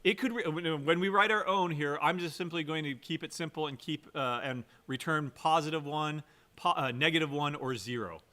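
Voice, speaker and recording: Guy lecturing on code, bright voice, chatty, lots of "right?" and uh's. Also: fairly high pitch, normal speed. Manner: conversational, keeps asking "right?"; fillers and restarts, emphatic. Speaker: computer science lecturer. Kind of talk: recorded lecture.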